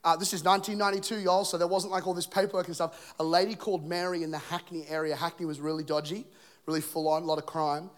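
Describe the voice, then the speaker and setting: A man in his thirties preaching a sermon, telling his story in a relaxed, chatty way full of fillers. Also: a little high. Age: 30s. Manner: fast, casual storytelling with fillers.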